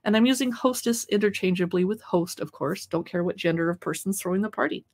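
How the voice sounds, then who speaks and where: A woman's voice: mid-range voice, fast. A woman hosting a casual live stream from her desk at home, reading product labels aloud and adding chatty asides.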